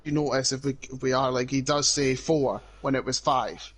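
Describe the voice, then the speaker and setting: A man's voice: medium pitch, fairly even intonation, moderate pace, fairly bright tone. A young Scottish man co-hosting a podcast, chatting casually with frequent restarts. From Scotland. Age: young adult. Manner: hesitant, many restarts and "like"s. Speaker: podcast co-host. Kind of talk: casual chat.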